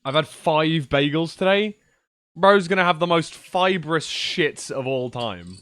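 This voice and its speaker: A man's voice: a little high, animated, a little slow, a bit bright, no room sound. A young man rambling casually to his viewers on a livestream from his computer, swearing now and then. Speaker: streamer. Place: at home at a PC.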